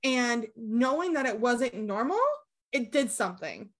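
A woman's voice: fairly high pitch, animated, a little slow. A young woman, a recovery coach, candidly telling her story as a podcast guest, with lots of fillers and casual swearing.

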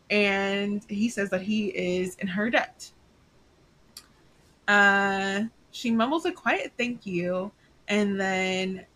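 A woman with a Southern US accent, co-hosting a casual book club podcast and recapping the plot with quick asides. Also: mid-range voice, fairly bright tone. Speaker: podcast co-host.

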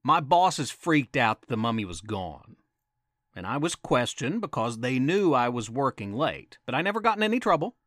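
A man's voice: mid-range voice, big pitch swings, normal speed, a bit bright, no room sound, studio quality. A man telling a campfire story as a podcast storyteller, dramatic and teasing, with asides to his listeners.

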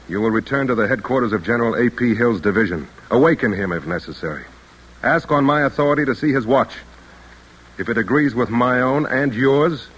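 An actor playing a stern, devout general who gives clipped commands in a radio play. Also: male voice, mid-range voice, fairly bright tone, husky, low-quality recording. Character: stern devout male general, terse and exacting. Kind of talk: 1940s radio acting.

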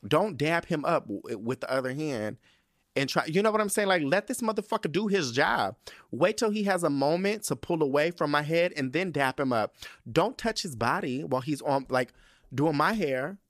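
A young man telling a story to his podcast audience in a casual, profane and animated rant. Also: on the high side, moderate pace, dry recording, clean studio sound. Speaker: podcast host.

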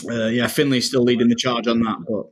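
A man's voice: medium pitch, level tone, fairly quick. A man, co-hosting a casual podcast chat and telling stories with laughs, calling his co-host mate. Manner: chatty, laughing storyteller, says "mate" a lot.

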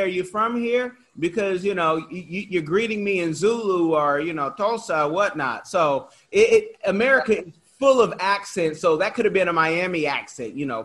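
Male interview host, high voice, chatty, animated, stumbles and restarts, casual. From Oakland, California. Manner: talkative, animated, frequent restarts. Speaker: podcast host.

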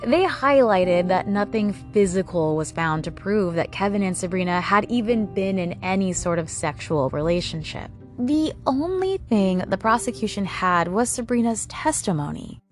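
A woman's voice: medium pitch, lively intonation, moderate pace, few pauses, soft background music. A woman hosting a true crime podcast, telling the case in a casual, conversational way with dry, sarcastic asides.

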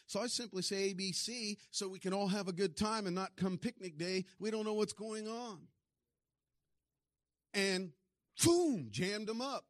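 A man preaching a sermon, telling stories and acting out the people in them, often swinging from quiet to loud. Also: a little high, dry recording, clean studio sound. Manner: storytelling, acts out voices with big swings in loudness.

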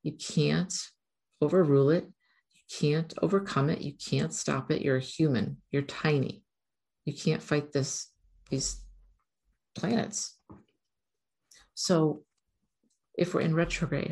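A woman's voice: sits low, gravelly, darkish tone, husky. A middle-aged woman vlogging in a rambling, candid way, swearing casually now and then. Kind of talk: casual spiritual vlog.

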